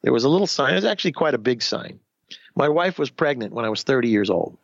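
A man in his fifties telling his own story in a candid interview, animated, acting out the voices of the people he quotes, often restarting sentences. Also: mid-range voice, fast, creaky, no echo, lo-fi sound. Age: 50s.

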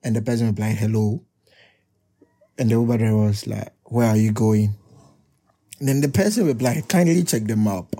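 A young man hosting a podcast reads text messages aloud with casual commentary, often bursting into loud, high laughter. He speaks at a moderate pace and pauses often.

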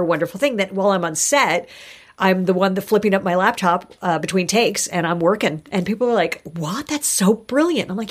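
A middle-aged woman, a guest on an interview podcast, telling her career stories casually and acting out the voices of people she quotes. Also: lowish voice. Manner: animated, acts out quoted voices. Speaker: guest, actor and insurance broker.

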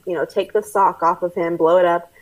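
A woman's voice: lowish voice, steady tone, fairly quick, a little mellow, recorded from a distance, rough recording. A woman co-hosting a podcast, chatting casually about a film with lots of "like"s and acted-out movie lines. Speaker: podcast co-host.

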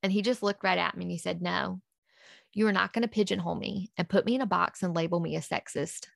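A woman's voice: lowish voice, fast talker, creaky, dry recording, clean studio sound. A woman, a podcast guest, earnestly recounting a personal story and acting out past conversations in quotes.

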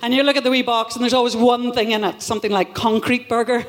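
A middle-aged Northern Irish woman performing a wry, punchy stand-up set at a live venue, with loud bursts. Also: on the high side, steady tone, quick pace. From Northern Ireland. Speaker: stand-up comedian. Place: live comedy venue with audience.

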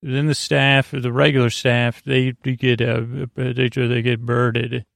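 A man hosting a sleepy bedtime podcast, retelling a story in a halting, rambling way with many fillers and restarts. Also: vocal fry, dry recording, clean studio sound. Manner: low-key monotone retelling. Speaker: podcast host. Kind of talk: sleepy bedtime episode recap.

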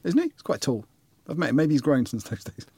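A man in his forties trades wry, joking banter in casual podcast chat, his pitch moving freely. The sound is dry and close-miked. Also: very animated, creaky, dark tone, breathy edge, dry recording. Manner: joking, swearing, quick interjections. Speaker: podcast co-host.

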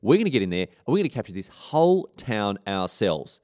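A man's voice: lowish voice, very animated, a little fast, a little mellow, dry recording, studio quality. A man voicing a brash male soldier who hatches a bold plan, talking in cocky slang. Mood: scheming.

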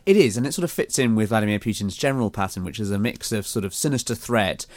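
A man speaking as a journalist guest on a radio talk show, brisk and measured with ums. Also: on the low side, animated, a little mellow, dry recording. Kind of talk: radio discussion.

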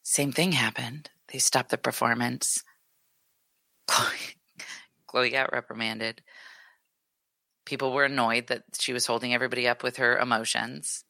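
A woman's voice: rumbling low, unhurried, vocal fry, pauses often, no echo. A woman in her thirties co-hosting a podcast, telling a story in casual chat and acting out what people said. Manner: animated storytelling, acts out quotes. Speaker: podcast co-host.

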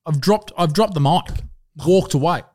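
A man's voice: a little high, normal speed. A man in his thirties, a podcast co-host telling stories in casual chat and laughing often. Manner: animated storyteller, laughs often.

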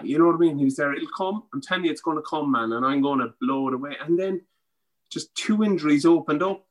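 An Irish man, a former rugby player, chatting as a podcast guest and telling animated stories, acting out what others said. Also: on the high side, rough recording. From Ireland. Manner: animated storytelling, acting out quotes. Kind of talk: casual chat.

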